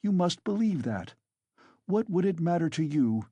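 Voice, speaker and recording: A man's voice: fairly high pitch, sing-song, measured pace, warm tone, no echo, highs cut off, voice pushed up. A man reading a tormented young man. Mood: despairing. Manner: anguished pleading. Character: young male student, tormented, desperate, bitter. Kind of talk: audiobook character reading.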